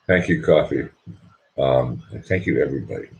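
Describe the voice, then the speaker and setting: A sleepy man hosting a late-night livestream, talking quietly and rambling so he won't wake anyone at home. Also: rumbling low, lively intonation, moderate pace, creaky, lo-fi sound. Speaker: livestream host.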